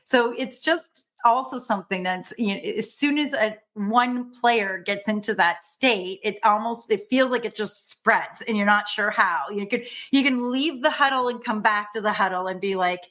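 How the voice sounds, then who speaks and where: A woman guest on a podcast, an executive coach, chatting in a lively, animated way with frequent restarts. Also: mid-range voice, moderate pace, hardly any pauses. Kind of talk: casual conversational interview.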